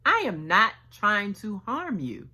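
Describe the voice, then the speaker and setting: A woman's voice: medium pitch, sing-song, slow pace, pushed and bright, heavily acted. A woman voicing an earnest young male warrior who pleads with questions in casual slang. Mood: pleading.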